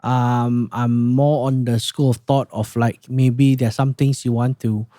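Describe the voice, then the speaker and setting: A man's voice: medium pitch, flat delivery, measured pace, dark tone, no echo, studio quality. A man, explaining audio mixing in a casual technical chat, thoughtful and hesitant with restarts.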